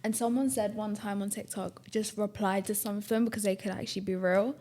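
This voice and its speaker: Husky woman chatting on a podcast, quick to react and agree. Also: medium pitch, steady tone, mellow. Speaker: podcast guest. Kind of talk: casual chat.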